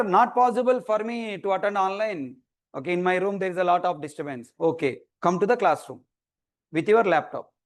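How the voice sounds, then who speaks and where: A male teacher with a Telugu-flavored Indian English accent, lecturing a classroom and scolding and teasing his students, mixing in Telugu words. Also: high-pitched.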